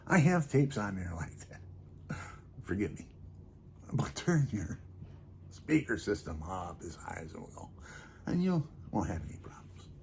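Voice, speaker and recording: An older man talks in a low, gravelly voice, rambling off the cuff and chuckling between thoughts. He speaks softly, and a faint hiss sits under the recording. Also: very animated, measured pace, long pauses. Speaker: vlogger and hobby guitarist.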